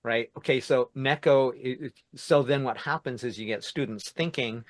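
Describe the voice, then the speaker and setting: A man's voice: mid-range voice, moderate pace, few pauses, no echo. A man who teaches languages, explaining his teaching ideas in a casual interview, often checking in with "right?". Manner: explanatory, repeats points, says "right?" and "it's like".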